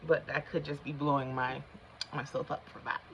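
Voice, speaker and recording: A woman's voice: very deep voice, level tone, moderate pace, slight background noise. Rambling middle-aged woman telling a story. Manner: rambling, easily sidetracked; chatty, colloquial, addresses viewers as y'all. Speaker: vlogger. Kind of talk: casual storytelling while doing makeup. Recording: slightly dull lo-fi sound.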